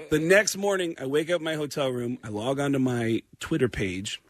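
A man, a stand-up comedian telling an animated story as a talk show guest, acting out the quotes. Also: mid-range voice. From New York. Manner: excitable, acts out quotes in jumping voices.

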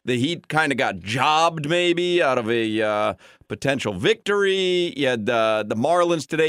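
Male radio host, lively swinging pitch, jokey riffing style, dry studio sound. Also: no room sound. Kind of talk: sports radio chat.

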